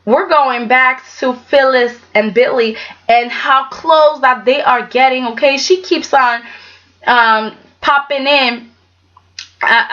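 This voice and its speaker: Woman, high voice, sassy and emphatic, casual soap review vlog, muffled lo-fi sound. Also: pushed and bright. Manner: sassy, emphatic, keeps tagging "okay?".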